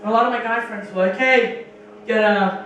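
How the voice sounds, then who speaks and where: This young comic's voice is fairly high, steady and brisk, a bit bright, captured in lo-fi with slight background noise. She tells profane stories with acted-out quotes during a stand-up set in a small bar with a live audience, recorded in an echoey room from a distant mic.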